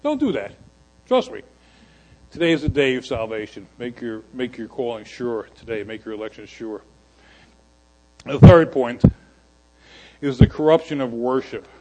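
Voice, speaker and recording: A man preaching a sermon to his church, moving between loud emphatic lines and quiet asides. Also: mid-range voice, moderate pace, pauses often, low-quality recording. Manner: animated preaching with sudden drops to quiet asides. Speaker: pastor.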